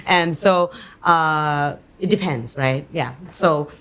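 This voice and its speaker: A Thai-born woman whose first language is Thai, chatting in an interview as a guest, animated and quick to laugh, with plenty of fillers. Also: deep voice. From Thailand. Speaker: actor and guest. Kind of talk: casual interview chat.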